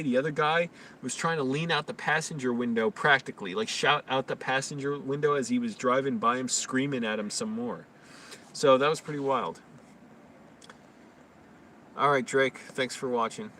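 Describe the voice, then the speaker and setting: A man's voice: mid-range voice, moderate pace, fairly bright tone. A man chatting loosely on a live stream, rambling with lots of fillers. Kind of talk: casual live-stream chat. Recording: slightly distant mic, faint noise.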